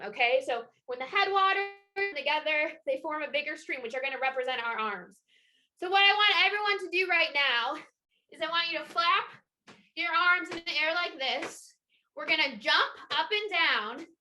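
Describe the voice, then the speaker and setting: A bright, high-pitched young woman leads children through a lively movement lesson over a video call. She sounds energetic, encouraging and playful. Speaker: children's water festival educator. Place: home, indoors.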